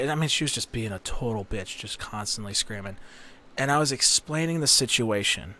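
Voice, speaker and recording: A man on a podcast telling a long, profane story about a family fight, getting louder as he rants. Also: mid-range voice, animated, brisk. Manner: profane, ranting storyteller who rises to shouting. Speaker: podcast host. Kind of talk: casual storytelling chat.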